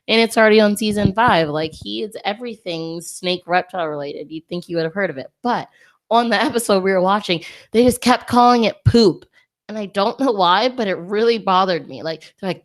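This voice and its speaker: A woman's voice: medium pitch, moderate pace. A woman co-hosting a reptile podcast in casual chat, chatty and drifting off topic. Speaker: podcast co-host.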